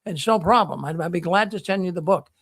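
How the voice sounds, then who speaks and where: A man's voice: high voice, fast talker, fairly bright tone, no echo. A man hosting a live call-in show, talking casually and rambling through stories with many restarts. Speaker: host of a call-in livestream show.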